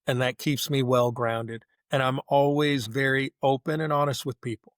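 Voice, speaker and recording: A middle-aged man, an executive guest on a podcast, speaking in a measured, earnest and candid way. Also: mid-range voice, steady tone, dry recording. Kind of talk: casual conversational interview.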